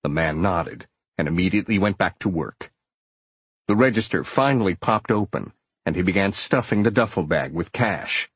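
Husky low-voiced male audiobook narrator. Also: moderate pace, no echo. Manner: steady, dramatic storytelling.

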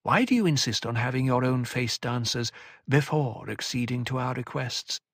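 A man's voice: medium pitch, moderate pace, a bit bright, dry recording, clean studio sound. A man voicing a cool, calculating woman leader. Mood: guarded. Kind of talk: audiobook character voice.

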